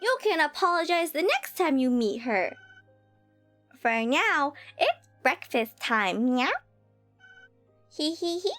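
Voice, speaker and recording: Brief: woman voicing a warm, doting male bear chef in a storybook game, slow soft lines, lively swings in tone. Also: high voice, soft background music, voice pushed up, heavily acted. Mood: gentle, doting. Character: cheerful big male bear cook, gentle and doting.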